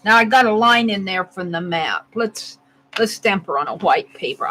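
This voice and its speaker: A woman's voice: medium pitch, animated, moderate pace, bright, forceful tone, poor audio. A woman narrating casually as she carves a stamp, thinking aloud and laughing at herself. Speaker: art vlogger. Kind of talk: casual narration while crafting.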